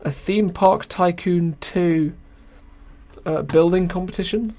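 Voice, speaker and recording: A man's voice: high-pitched, takes it slowly, mellow. A young British man hosting a casual live podcast, rambling and self-mocking, tired with his voice wearing thin. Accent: British English. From Britain. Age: young adult. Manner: rambling, self-mocking, reads chat aloud. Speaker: podcast host.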